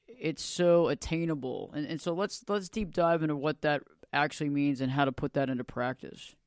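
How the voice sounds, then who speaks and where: A man hosts a podcast interview, affirming his guest as he talks and restarting his sentences with repeated words. His voice is smooth and resonant and sits a little high for a man. The sound is dry and close. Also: moderate pace, no room sound. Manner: warmly affirming, repeats himself. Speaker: podcast host and coach. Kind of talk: casual interview chat.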